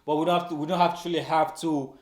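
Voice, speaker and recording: A man's voice: fairly high pitch, fairly even intonation, quick pace. A podcast co-host, a man, reasoning aloud in casual chat and often repeating words. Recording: echoey room.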